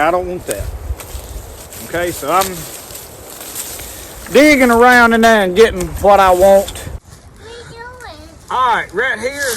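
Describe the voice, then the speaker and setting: This man's voice is high-pitched and fairly bright, with slight background noise behind it. He's an outdoor vlogger in the woods, rambling folksily to the viewer through a handheld camera mic during a casual demonstration.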